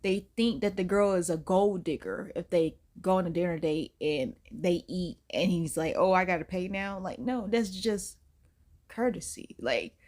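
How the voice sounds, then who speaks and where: A woman's voice: fairly low pitch, a little slow, warm tone. A woman, giving sassy, emphatic commentary as she hosts a reaction video. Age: 30s. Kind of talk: casual animated commentary.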